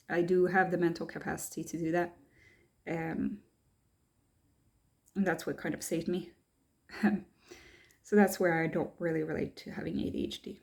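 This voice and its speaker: Soft-toned woman musing with many ums. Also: on the low side, vocal fry. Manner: thoughtful, hesitant, many ums and restarts; reads checklist items aloud, then answers them. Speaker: vlogger. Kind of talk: casual talk to camera.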